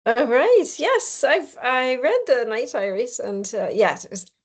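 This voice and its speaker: A woman's voice: a little high, big pitch swings, unhurried. A woman moderating a book discussion, affirming the speakers and calling on the next one. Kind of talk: casual discussion.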